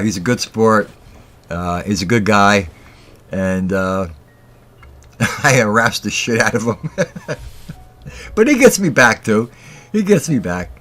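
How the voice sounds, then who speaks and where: A man's voice: lowish voice, fairly bright tone. Giggly man hosting a casual livestream. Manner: giggling constantly, breaking into laughter mid-sentence. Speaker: livestream host.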